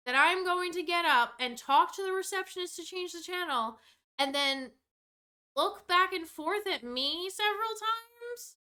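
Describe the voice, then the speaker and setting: A young woman with a high voice tells a storytime rant straight to camera. Her tone is bright and sharp-edged, and she is exasperated and rambling, with casual swearing throughout. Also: lively intonation, unhurried. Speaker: vlogger.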